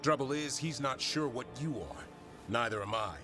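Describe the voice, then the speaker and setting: An actor voicing a gruff, wary man monster hunter in a video game, curt in his speech. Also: mid-range voice, moderate pace, sharp tone, close to an everyday voice. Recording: game audio with music.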